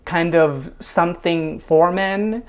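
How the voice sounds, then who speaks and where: A man hosting a casual dance reaction video, chatty, laughing often and filling pauses with ums. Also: fairly high pitch, clean tone.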